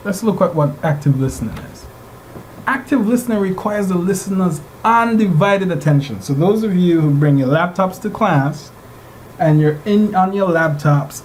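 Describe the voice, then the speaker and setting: Mellow-voiced male instructor lecturing a class. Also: on the high side, normal speed, slight background noise, rough recording. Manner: engaging, asks the class rhetorical questions.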